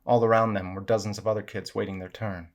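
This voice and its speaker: A low-voiced man narrating spooky tales for listeners. His reading is measured and dramatic, paced to build suspense. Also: level tone. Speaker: storyteller. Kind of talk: reading horror stories aloud.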